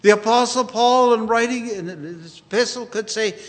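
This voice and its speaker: A man preaching a sermon in an earnest, unhurried way, quoting scripture often. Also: high-pitched, in a large hall.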